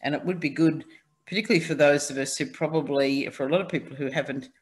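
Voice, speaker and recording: A man on a video call speaking in a rambling, thinking-aloud way with many fillers, his voice deep with the morning. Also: fast. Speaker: conference panel participant. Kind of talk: casual discussion on a video call.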